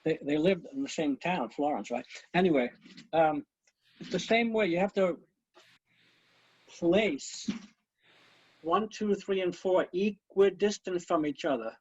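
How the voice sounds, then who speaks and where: A man's voice: high voice, lively intonation, measured pace, pauses often, a little mellow, slightly rough. A man teaching an online conducting class over a video call, coaching students and counting beats aloud, with chatty asides. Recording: muffled lo-fi video call audio.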